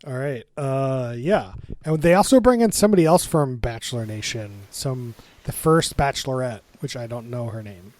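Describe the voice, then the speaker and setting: A man's voice: medium pitch, lively intonation, normal speed, hardly any pauses, a little mellow, no room sound. A man hosting a casual podcast chat, recapping an episode with lots of fillers and laughs. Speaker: podcast host.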